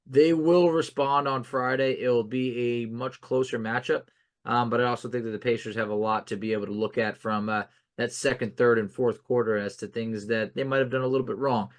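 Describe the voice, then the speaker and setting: A man's voice: medium pitch, fairly even intonation, a little fast. Rambling, self-deprecating male podcast co-host. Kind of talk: casual sports chat.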